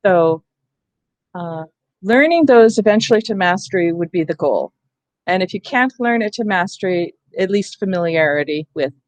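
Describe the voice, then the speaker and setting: Woman trainer, mid pitch, conversational explainer, dry close sound. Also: lively intonation, measured pace, long pauses, no room sound. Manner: explanatory, conversational, checks in with "right?". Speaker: literacy trainer. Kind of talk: teacher training session.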